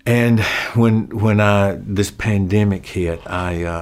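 An older man who works at a funeral home, giving an earnest, reflective personal faith testimony that grows quiet and soft-spoken. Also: low voice, level tone, unhurried, few pauses.

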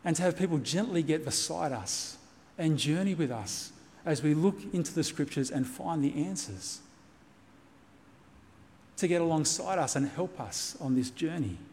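A man's voice: on the high side, animated, moderate pace, darkish tone, big-room sound, a little hiss or hum. A man preaching a sermon as pastor, earnest and reassuring, repeating key points for emphasis. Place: church.

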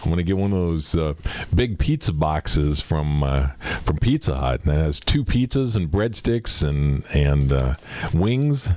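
A man's voice: a bass voice, big pitch swings, a little slow, a little mellow. A man hosting a radio show, bantering loosely, chuckling and trailing off with fillers. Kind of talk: casual banter on a radio podcast.

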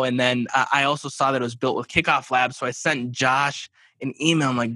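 A man's voice: mid-range voice, moderate pace, dry recording. A man chatting as a podcast guest, telling stories with energy and acting out what people said. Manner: animated storyteller who acts out dialogue. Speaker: podcast guest, children's book publisher. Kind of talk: casual podcast conversation.

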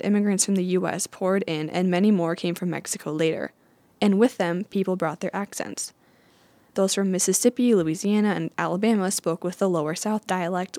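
A woman's voice: lowish voice, mellow, dry recording. A woman hosting a casual educational talk, chatty and carefully enunciated, often laughing at her own jokes. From United States. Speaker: host.

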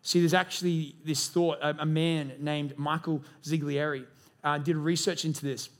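A young man preaches with a fairly high voice, lively and animated. He keeps slipping into quick acted-out voices to bring his stories to life. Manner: animated, acts out voices in quotes. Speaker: pastor. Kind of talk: sermon.

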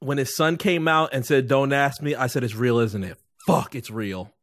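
A man co-hosting a podcast in casual chat, animated and joking, laughing often. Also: medium pitch, moderate pace, no echo, clean studio sound. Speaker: podcast co-host.

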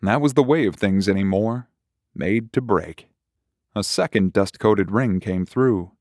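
A man reading a horror short story aloud in a measured, unhurried way. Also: lowish voice, darkish tone, no echo, studio quality. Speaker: narrator. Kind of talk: scripted horror story narration.

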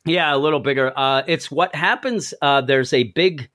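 A man's voice: mid-range voice, moderate pace, bright, forceful tone. A middle-aged man co-hosting a podcast in casual chat, telling long rambling stories and chuckling as he goes. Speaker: podcast co-host.

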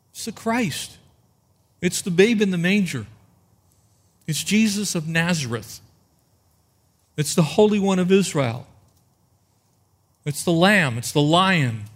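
A man preaching, with a voice a little higher than most men's. He works through scripture verse by verse, fires off rhetorical questions and slows right down to lean on the key words. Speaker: pastor. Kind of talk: sermon.

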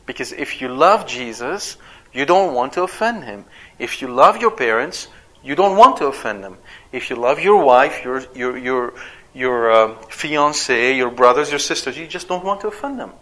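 Bright, animated male preacher. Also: medium pitch. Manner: animated, acts out quoted voices. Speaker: father. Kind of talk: sermon.

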